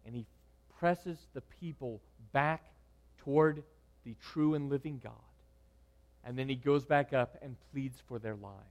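A man preaching a sermon, moving between loud, emphatic lines and hushed, quiet ones. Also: medium pitch, expressive, unhurried, pauses often. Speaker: pastor.

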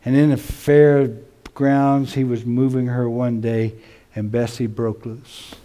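Slow, mellow-voiced male pastor preaching. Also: mid-range voice, little pitch movement. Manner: dramatic swings from loud emphasis to hushed near-whispers. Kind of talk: sermon. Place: church sanctuary.

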